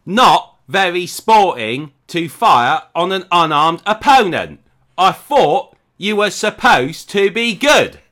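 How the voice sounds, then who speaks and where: Cockney gangster, as a podcast host puts him on, raised and loud, slow taunts, bright and sharp tone. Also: male voice, high voice, big pitch swings, pitched above the performer's own voice, heavily acted. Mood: taunting.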